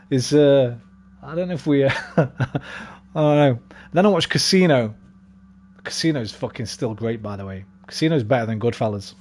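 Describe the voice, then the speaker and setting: A man's voice: medium pitch, normal speed, darkish tone. Sweary laid-back man. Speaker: gaming streamer. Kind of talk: casual chat while gaming.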